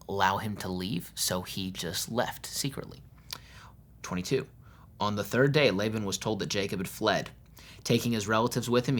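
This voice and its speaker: A man's voice: lowish voice, fairly bright tone. A male pastor preaching a sermon, reading scripture aloud and explaining it in a casual, conversational way with modern slang. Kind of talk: sermon with Bible reading and commentary.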